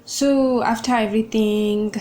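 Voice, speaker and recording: A woman's voice: on the high side, a little slow, soft background music. Emotional young woman reviewing a book. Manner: emotional and expressive, gushing. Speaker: podcast host reviewing a book.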